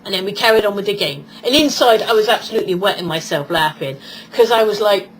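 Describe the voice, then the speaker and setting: In a low-quality recording, a woman in her forties from Britain chats her way through a vlog at a quick pace. Her medium-pitched voice is expressive, and she wanders from point to point while performing the voices of people she quotes.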